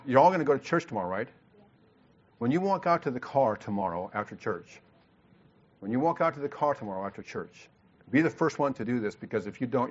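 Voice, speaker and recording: A man leading a church couples seminar on a handheld mic, talking quickly with frequent stammered restarts. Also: medium pitch, husky. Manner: fast, repetitive, with stammered restarts. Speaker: marriage workshop leader. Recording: dull lo-fi sound.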